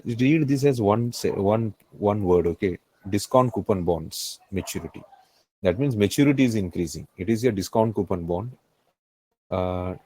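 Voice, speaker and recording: Low, mellow Indian-accented male finance tutor. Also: breathy edge, poor audio. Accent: Indian English. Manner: repeats phrases, checks understanding. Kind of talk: live classroom lecture.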